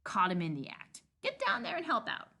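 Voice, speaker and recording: A woman voicing a gruff male night editor who brushes off a reporter's story in quick, clipped lines. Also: fairly high pitch, huge pitch swings, sharp tone, full character voice. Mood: dismissive.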